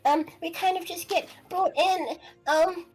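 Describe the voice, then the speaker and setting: A woman's voice: very high voice, steady tone, unhurried, darkish tone, faint music behind, pitched above the performer's own voice. A woman voicing a timid, anxious tiny baby fish that stammers and apologizes. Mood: nervous. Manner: flustered, stammering, eager to please.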